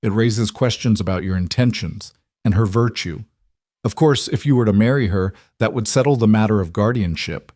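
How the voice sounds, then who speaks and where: A man's voice: on the low side, moderate pace, a little mellow, no echo, clean studio sound, natural voice. A man voicing a pompous, scheming, portly judge in a spoken frontier story. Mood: smug. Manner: pompous, oily. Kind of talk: storybook character reading.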